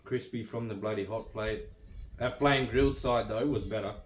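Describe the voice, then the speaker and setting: An Australian man vlogging casually while cooking outdoors, talking in a relaxed, blokey way, swearing casually and tagging lines with "eh". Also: lowish voice, normal speed, reverberant, slight background noise, rough recording. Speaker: outback station vlogger.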